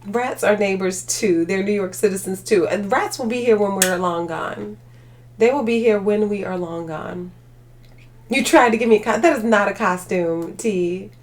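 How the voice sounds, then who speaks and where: A tired woman hosting a casual livestream, chatting with viewers in a rambling way full of filler words and laughter. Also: mid-range voice. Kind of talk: casual live chat.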